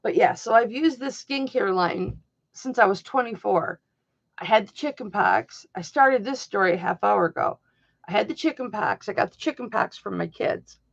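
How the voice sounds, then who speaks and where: A middle-aged woman hosting a live-stream jewelry auction, chatting casually and emphatically with her viewers, her voice swinging between loud and soft. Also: mid-range voice, moderate pace, creaky, no room sound. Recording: dull lo-fi home stream audio.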